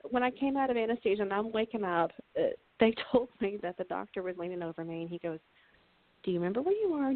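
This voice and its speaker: A woman from Texas, a guest author, telling funny personal stories in a casual chat and laughing often. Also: on the high side. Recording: tinny phone-like line, dry.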